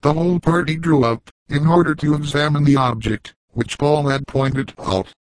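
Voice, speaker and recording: A man's voice: on the high side, steady tone, normal speed, no room sound, rough recording. Man narrating an audiobook, dry. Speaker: audiobook reader.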